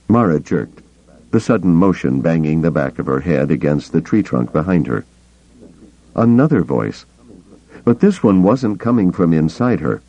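A man narrating an audiobook in a slow, deliberate reading. His voice is very deep, dark and gravelly, and the pitch moves a lot. It comes through a dull, lo-fi cassette tape. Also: sing-song. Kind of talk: scripted narration.

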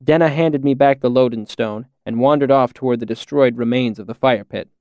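A man narrating a novel as an audiobook, with measured and even storytelling. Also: medium pitch, no echo, clean studio sound. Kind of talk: scripted narration.

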